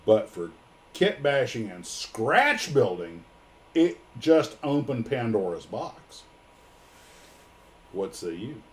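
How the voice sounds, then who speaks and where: A man's voice: mid-range voice, sing-song, takes it slowly, long pauses. An American man hosting a casual livestream, joking and rambling with plenty of fillers. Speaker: livestream host.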